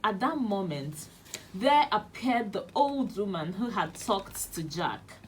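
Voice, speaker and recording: A woman's voice: mid-range voice, sing-song, takes it slowly, a little hiss or hum. A woman with a Nigerian accent, a children's radio host reading a storybook aloud expressively. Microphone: studio radio mic.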